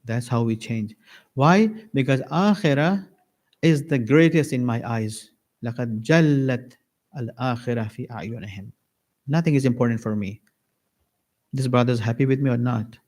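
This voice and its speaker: Man preaching an animated sermon. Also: fast talker. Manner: animated, acts out little dialogues with varied pitch. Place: mosque lecture hall.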